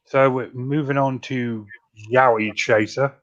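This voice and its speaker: A man's voice: mid-range voice, steady tone, unhurried. A man hosting a podcast, chatting casually and joking in a laid-back way. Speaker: podcast host. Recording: dull lo-fi audio.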